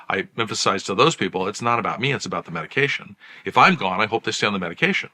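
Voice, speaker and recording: A middle-aged psychiatrist and channel host talking straight to the camera, conversational and emphatic, full of rhetorical questions. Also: male voice, medium pitch, big pitch swings, rapid-fire, few pauses, pushed and bright. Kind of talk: direct-to-camera commentary.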